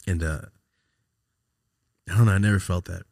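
A man hosting a podcast, telling a personal story in a raw, profane, halting way, his voice sometimes sinking almost to a whisper. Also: low voice, fairly even intonation, vocal fry, darkish tone, dry recording, studio quality. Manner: raw, profane, halting, drops to a near-whisper when upset. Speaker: podcast host. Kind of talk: casual storytelling.

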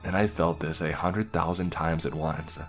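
A man narrating a creepypasta in a steady scripted storytelling voice. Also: sits low, moderate pace, faint music behind.

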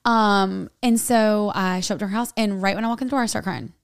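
Chatting on a podcast she co-hosts, this young woman wanders through a personal anecdote, saying "like" constantly. She speaks a little fast at a medium, steady pitch, her voice gravelly yet clean. The sound is dry and studio-clean.

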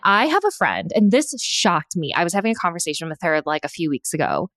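A woman's voice: lowish voice, wildly swooping pitch, a little fast, a bit bright, no room sound, clean studio sound. A young woman in her twenties chatting casually as a podcast co-host, rambling and giggling, with lots of "like"s. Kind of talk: casual chat.

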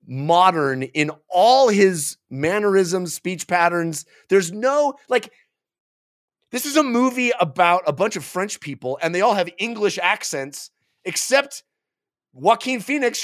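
A man co-hosting a film podcast, ranting in an animated, exasperated way about a movie in casual review chat. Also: high-pitched.

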